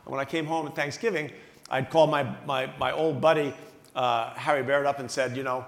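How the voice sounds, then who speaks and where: A man in his sixties from the Philadelphia area, a guest speaker telling a story on stage, animated and self-mocking, laughing as he talks. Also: mid-range voice, a little fast. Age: 60s. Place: large banquet hall. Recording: echoey hall with long reverb.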